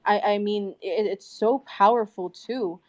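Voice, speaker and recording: Woman guest, chatty and effusive, ordinary pitch. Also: measured pace, darkish tone. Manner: chatty, effusive, self-conscious about her accent. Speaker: audience speaker. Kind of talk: casual live audio chat.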